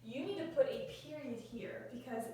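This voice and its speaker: A woman with a high, somewhat dark voice speaks at a normal pace as she teaches a grammar lesson, patiently walking through each step and posing questions to the class. A phone across the room picks her up, so the sound is distant and echoey.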